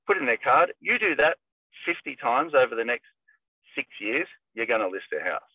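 A man's voice: mid-range voice, very animated, normal speed, slightly rough, dry recording. A middle-aged man, a real estate agent, talking casually and energetically, acting out phone calls as he coaches. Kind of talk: casual podcast talk. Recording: tinny phone-like line, dry.

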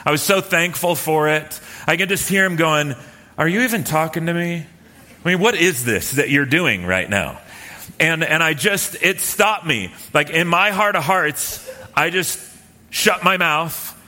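Pastor guy telling a story in a sermon, bright kinda high voice, big hall echo. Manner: relaxed, anecdotal, many fillers and restarts. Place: church hall with live and online audience.

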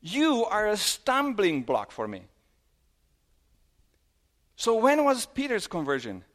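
A man preaching a sermon who asks questions and retells scripture scenes, dropping low and soft at emotional moments. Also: huge pitch swings, takes it slowly.

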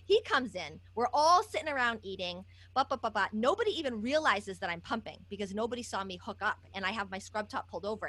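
A woman who works as a nurse, telling a lively work story in casual chat and laughing often. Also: mid-range voice.

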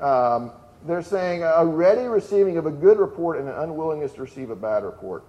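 A pastor giving a conversational sermon, reading lists aloud and breaking off into casual asides. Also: male voice, on the high side, animated, moderate pace, a little mellow, muffled recording. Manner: reads lists of items aloud with emphasis.

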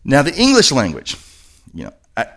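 A man from Kentucky, a pastor, preaching a sermon in a church in a lively, conversational way, asking the congregation questions. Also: mid-range voice, moderate pace.

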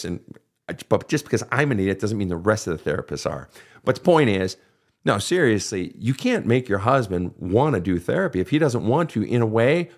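A man's voice: lowish voice, darkish tone. A middle-aged man hosting a podcast, answering listener questions in a blunt, profane, emphatic way. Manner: quotes people in mocking voices. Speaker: podcast host and counselor. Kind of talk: casual advice monologue.

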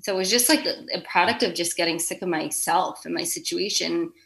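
A woman's voice: on the low side, a little fast, gravelly, a bit bright. A woman in her thirties, a podcast guest, talking frankly and emotionally in an interview, swearing freely and saying "like" a lot. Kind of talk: candid interview conversation.

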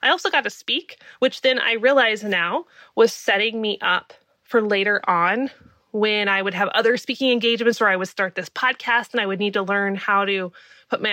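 Her medium-pitched voice sounds pushed and bright, with no room sound at all. She's a thirtysomething woman from the US hosting a podcast, rambling through a personal anecdote with plenty of laughter and self-deprecation.

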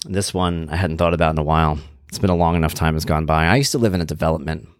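A man casually telling a personal story in an animated way, acting out what people said. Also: extremely low pitch, racing, clear, resonant tone, no echo, studio quality. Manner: animated, acts out quoted exchanges; conversational with fillers and swearing.

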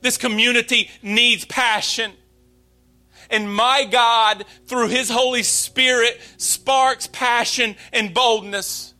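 Pastor in his late 30s, sermon, very high voice, slow, heartfelt delivery. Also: fairly even intonation, bright, forceful tone, soft background music. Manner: earnest, confessional, slow and emphatic.

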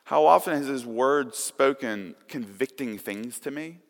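A man preaching a sermon, earnest, his volume swinging from hushed to loud. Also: mid-range voice, measured pace. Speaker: pastor. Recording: long reverb of a large hall.

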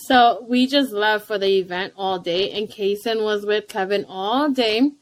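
A young woman and stay-at-home mom co-hosting a casual chat, animated and blunt, laughing often. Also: medium pitch, a little slow, dry recording.

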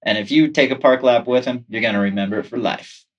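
A man's voice: medium pitch, fast, recorded from a distance, lo-fi sound. A man talking in a hyped, enthusiastic way in a casual interview.

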